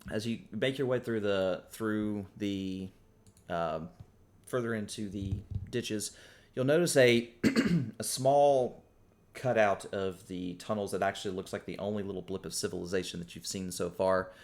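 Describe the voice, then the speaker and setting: A man runs a tabletop game, describing scenes quickly and with lots of fillers. His voice sits low and stays casual throughout. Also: a little mellow. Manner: fast-talking, filler-heavy. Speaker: game master.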